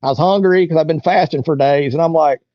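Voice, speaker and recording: A man whose voice sits on the high side talks fast as an interview guest, telling a casual story and performing the voices of the people in it. The sound is dull, dry lo-fi, with no echo.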